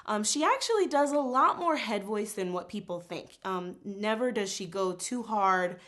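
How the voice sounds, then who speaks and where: Bright, lively woman teaching singing. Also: medium pitch, moderate pace. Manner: animated, explains with sung and spoken examples. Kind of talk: casual singing lesson.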